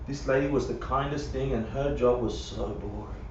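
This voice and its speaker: Heard from a distance on a roomy, dull livestream, a man with a mid-range voice teaches Buddhism live at a moderate pace. His approach is conversational, with frequent check-ins and acted-out quotes, and there's slight background noise.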